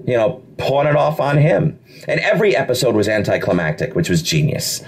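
A middle-aged man, a voice actor, telling stories in a casual interview with an animated, self-deprecating manner. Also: mid-range voice, fairly quick, slightly rough. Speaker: voice actor guest.

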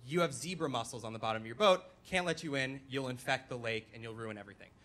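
A man playing a stern boat ramp operator giving flat official warnings. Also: medium pitch, fast, voice pushed down, natural voice. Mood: officious.

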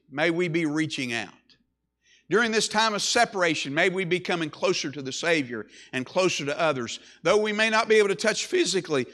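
Pastor, male, high bright voice, lilt, emphatic sermon delivery that swells and drops. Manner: emphatic preaching, rising and falling with repeated phrases.

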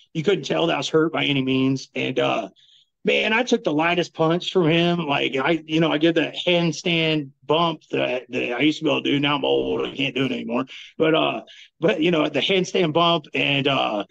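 A man's voice: fairly high pitch, vocal fry, highs cut off. A middle-aged man, a former wrestler, telling rambling stories in a laid-back interview and laughing often. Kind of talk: casual storytelling interview.

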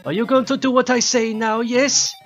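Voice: medium pitch, level tone, normal speed, highs cut off, soft background music, voice pushed up, natural voice. A streamer putting on a pushy man with a strange made-up accent, coaxing and tagging questions with "yes".

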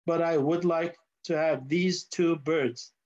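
A man's voice: fairly high pitch, steady tone, takes it slowly, a little mellow. A man doing a kindly old preacher. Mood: patient. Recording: dull lo-fi sound.

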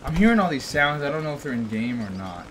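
A man chatting and teasing a friend on a gaming stream, animated and jokey. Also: mid-range voice, fast, slight background noise. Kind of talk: casual gaming stream chat.

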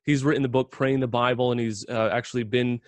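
A man's voice: mid-range voice, steady tone, fast, dry recording. A man hosting a radio interview in a conversational way, with many fillers. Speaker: radio host.

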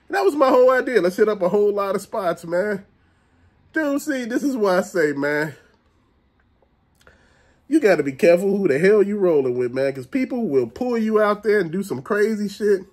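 Animated man ranting with laughs. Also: high-pitched. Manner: animated, profane, acts out quotes, laughs often. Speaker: show host. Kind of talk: comedic storytelling rant.

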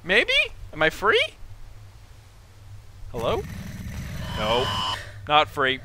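A man's voice: fairly high pitch, very animated, measured pace, very noisy. A young man, a gaming YouTuber, giving jumpy horror game commentary, cursing and joking at the monster.

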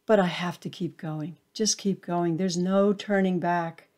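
A woman's voice: on the low side, fairly even intonation, measured pace, a little mellow, natural voice. A woman voicing a small, frightened, lonely acorn in a storybook tale, with breathless pleading cries. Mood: desperate.

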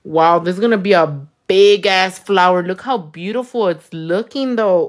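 A woman's voice: lowish voice, normal speed, few pauses. Bilingual nail tech woman, playful. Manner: bilingual code-switching, crude and playful, frequent loud laughs. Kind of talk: casual livestream chat while doing nails.

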